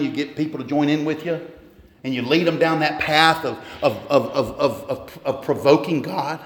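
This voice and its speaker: A man giving a sermon as pastor, earnest and conversational, often restarting his sentences. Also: on the high side. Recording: echoey hall with long reverb.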